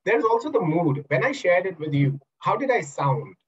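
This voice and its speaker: A man's voice: high voice, sing-song, normal speed, lo-fi sound, slight background noise. A man coaching in a webinar over a video call, explaining by asking questions and acting out examples. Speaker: NLP coach and trainer. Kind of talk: webinar talk.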